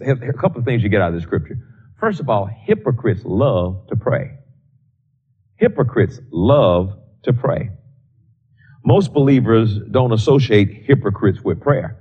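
A man's voice: fairly low pitch, a little mellow, slightly rough, highs cut off. A married man preaching a sermon on prayer, reading scripture aloud and repeating key lines for emphasis. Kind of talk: sermon teaching.

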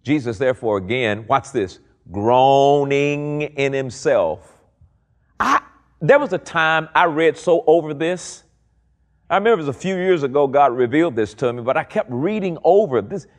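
A man preaching a sermon, reading scripture aloud and commenting on it, swinging from low, quiet passages to high, loud ones. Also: sing-song, fairly quick.

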